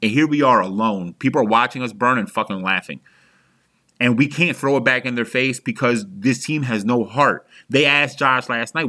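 On his sports podcast, a young adult man rants as an angry fan at normal speed. His mid-pitched voice is bright and forceful. He swears hotly and keeps beginning sentences again.

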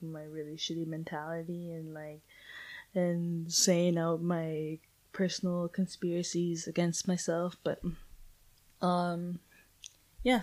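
A woman's voice: fairly low pitch, mellow. A young adult woman hosting a casual solo podcast, rambling and chatty with lots of fillers and casual swearing. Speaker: podcast host.

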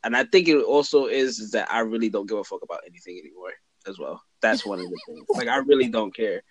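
A man's voice: lowish voice, fast, slightly rough. Young guy chatting blunt and chill, cusses a lot, dry sound no room echo. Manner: blunt, laid-back, swears freely. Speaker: podcast co-host, cousin. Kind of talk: casual chat.

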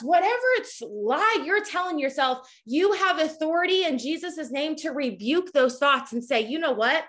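A woman in her thirties giving a fervent, preachy faith talk to her followers, at times nearly yelling. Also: high-pitched, expressive, moderate pace, few pauses. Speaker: Christian speaker. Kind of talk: impassioned faith talk to a social media audience.

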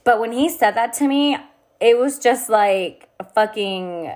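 A woman's voice: a little high, lively intonation, a little slow, darkish tone. A young woman talking candidly to camera, telling a personal story in a casual, frank way, full of fillers and swearing. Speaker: vlogger.

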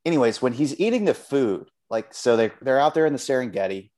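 Speaking a little fast in a mid-range voice, this podcast co-host keeps things casual, ranting animatedly and swearing a lot.

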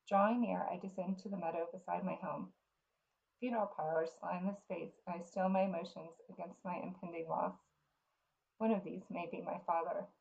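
A woman reading a fantasy novel aloud in the first person, in an earnest, unhurried way. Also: fairly low pitch, creaky, a little mellow, muffled recording. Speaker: reader.

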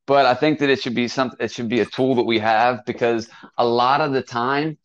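A man who is a police officer, talking in casual chat with halting, stammering restarts and some casual swearing. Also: mid-range voice, steady tone, no echo. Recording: slightly dull lo-fi sound.

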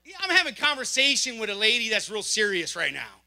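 A man giving a spoken testimony to a congregation, telling an animated story and acting out the dialogue himself. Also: high-pitched, brisk. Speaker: church member giving testimony.

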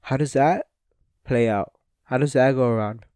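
A man's voice: medium pitch, normal speed, mellow, clean tone, dry recording. A man hosting a casual solo podcast, rambling with lots of fillers, restarts and swearing, a little sniffly. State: sniffly and yawning. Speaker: podcast host.

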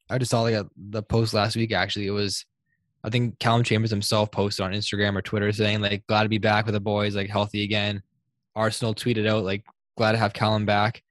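A young man hosting a casual sports podcast, talking in animated bursts and laughing often. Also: on the low side, dry recording. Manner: animated, laughing, fast bursts when excited. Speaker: podcast host.

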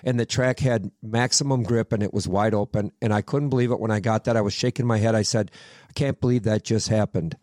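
A man from Minnesota, a sprint car driver guesting on a podcast, telling animated stories in casual chat and swearing freely. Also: lowish voice, fairly quick, no echo. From Minnesota, USA. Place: studio.

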